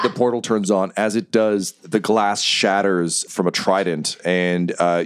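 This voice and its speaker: A man with a very deep voice runs a tabletop game as its game master. He narrates in a laid-back, rambling way, with plenty of ums and likes. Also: fairly bright tone. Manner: laid-back, full of fillers, laughs often.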